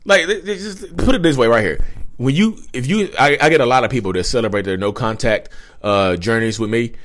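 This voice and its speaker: A man hosting a casual advice vlog, talking straight to viewers, animated and repetitive. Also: mid-range voice, brisk. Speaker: channel host.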